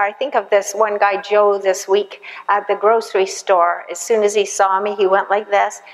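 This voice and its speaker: A woman preaching a sermon in a conversational way, now and then acting out quoted voices. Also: medium pitch. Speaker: pastor. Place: church hall. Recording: long hall reverb in a church.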